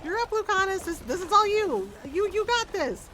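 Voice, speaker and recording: A woman's voice: a little high, animated, brisk, bright, forceful tone, a little hiss or hum. A woman doing a cheeky, silly adventurer. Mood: teasing. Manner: teasing, singsong.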